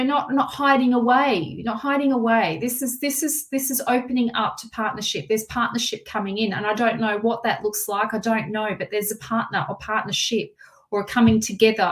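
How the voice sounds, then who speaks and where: A woman with a fairly high voice hosts a live tarot reading stream. She circles back over the same phrases again and again and stops to read viewer comments aloud. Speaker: tarot reader.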